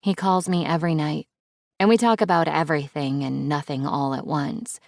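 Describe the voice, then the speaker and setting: A woman's voice: low-pitched, fairly even intonation, normal speed, creaky, no room sound, clean studio sound. A woman narrating a first-person romance audiobook in a wry, playful, intimate way.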